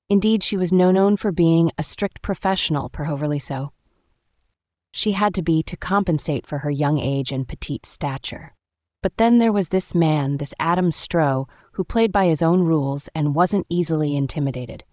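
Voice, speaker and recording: A woman narrating a story in a steady, even audiobook reading. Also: low voice, normal speed, no room sound, clean studio sound.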